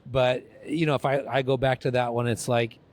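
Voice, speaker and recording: A man's voice: mid-range voice, flat delivery, moderate pace, soft background music. A man co-hosting a podcast, chatting casually in a rambling, self-deprecating way with frequent restarts. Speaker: podcast co-host. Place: convention venue.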